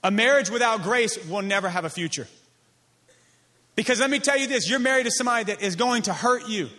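A man with a fairly high voice delivers a sermon as a pastor. He stacks phrases in an emphatic, repeating cadence. On key lines he sinks to a soft, slow voice. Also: expressive. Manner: emphatic, repetitive preaching cadence.

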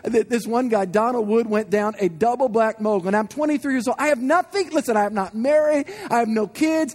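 A man in his forties preaching a sermon, telling animated personal stories and asking the congregation questions. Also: extremely high pitch. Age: 40s. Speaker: guest preacher.

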